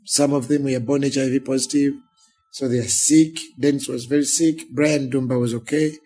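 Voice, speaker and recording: Husky Ugandan pastor telling his story. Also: mid-range voice, normal speed. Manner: animated storyteller who acts out the people in his story. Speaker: pastor, interview guest. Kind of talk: emotional storytelling in a sit-down interview.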